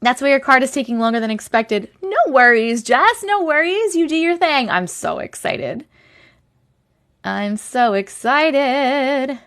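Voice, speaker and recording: A woman's voice: on the high side, a bit bright. Chatty woman greeting livestream viewers. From Long Island, New York. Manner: chatty, greets viewers by name with rising lilt. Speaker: TikTok live host. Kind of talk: casual livestream chat.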